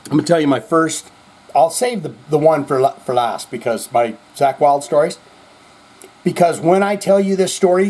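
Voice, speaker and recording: A man's voice: medium pitch, darkish tone. A man hosting a show, telling rambling, profane stories and acting out quoted voices. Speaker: host. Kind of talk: casual rambling monologue.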